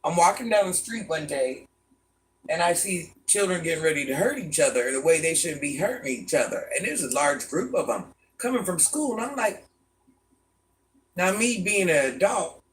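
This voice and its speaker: Blunt, gravelly older woman vlogger. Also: expressive, normal speed, a little hiss or hum. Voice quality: deep, gravelly voice. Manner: blunt, chatty, calls viewers baby and hon. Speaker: vlogger reading live chat. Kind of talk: casual live-stream chat. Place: home room at a house.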